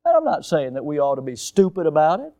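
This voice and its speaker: An older man, a pastor, preaching a sermon with emphatic rises and sudden quiet drops. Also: fairly high pitch, huge pitch swings, fast.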